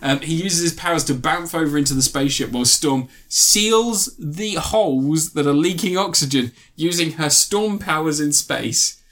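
A man's voice: on the high side, moderate pace, hardly any pauses, fairly bright tone. A man animatedly recapping a film in casual chat, swearing and laughing often.

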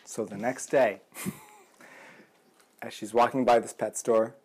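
A man's voice: medium pitch, fairly even intonation, slow, breathy edge. A man telling a long shaggy-dog joke, stopping and restarting and chuckling as he builds it. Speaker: joke teller.

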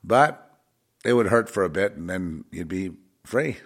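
Slow gravelly man, blunt. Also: sits low, animated. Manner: blunt, repetitive, scornful asides. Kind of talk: unscripted spiritual monologue.

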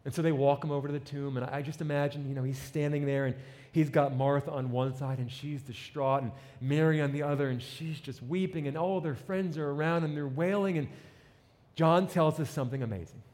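A man's voice: on the high side, steady tone, a little fast, darkish tone. Impassioned male preacher in a reverberant hall. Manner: dramatic storytelling, acting out voices, swelling to emphatic peaks. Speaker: pastor. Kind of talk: sermon.

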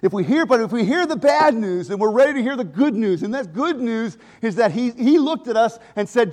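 A man preaching a sermon, emphatic, swinging between loud exclamations and quiet asides. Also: very high voice, expressive, a little fast, hardly any pauses.

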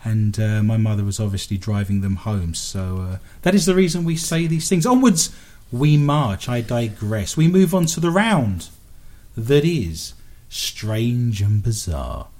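A man's voice: fairly low pitch, animated, normal speed, darkish tone. A man with an English accent hosting a radio talk show, rambling and joking at his own expense. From England. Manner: self-mocking, rambling, jokey. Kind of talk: casual radio banter. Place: home studio.

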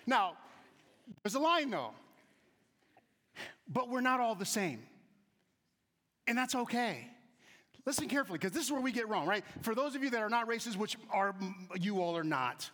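A man tells stories to a live audience in a very high, bright voice, acting out the people he quotes. He drops to quiet asides, then punches key lines loudly. The sound carries a long reverb from a large hall. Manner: animated, acts out quoted voices, shifts between soft asides and loud emphasis. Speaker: speaker giving a talk to an audience. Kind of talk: storytelling talk with humor.

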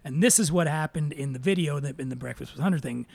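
A man hosting a podcast, telling stories in casual, animated chat. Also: a little high, fast, creaky. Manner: storytelling, animated asides. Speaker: podcast host.

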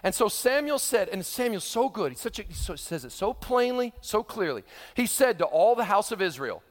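A middle-aged male pastor preaching a sermon, animated and acting out quoted voices with humor. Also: high voice, normal speed. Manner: animated, acts out quoted voices, laughs with the audience. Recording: long hall reverb.

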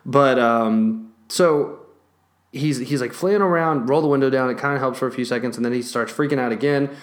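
A young man telling a story in a casual vlog, animated, swearing heavily and laughing between lines. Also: mid-range voice, fairly quick. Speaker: vlogger.

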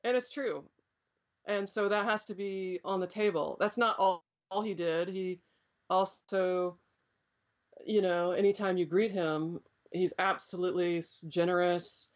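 Unhurried and steady, a woman with a lowish voice reflects on her past as a guest in an interview. This middle-aged speaker rambles with lots of fillers and restarts, and the audio has a dull, lo-fi sound.

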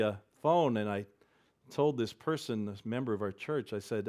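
A man's voice: lowish voice, moderate pace, darkish tone. A man preaching a sermon as pastor, conversational, with humor and rhetorical questions.

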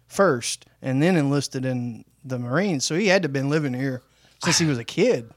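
A man's voice: medium pitch, animated, normal speed, no room sound, studio quality. A man co-hosting a casual reaction chat, joking and laughing as he talks. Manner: jokey, breaks into sing-song mimicry and laughs. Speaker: co-host.

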